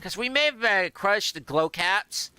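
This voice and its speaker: A man's voice: sits high, lively intonation, a little slow, sharp tone, clean tone. A man giving casual, rambling gameplay commentary and reading out dialogue choices, often hesitating and restarting. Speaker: gameplay streamer.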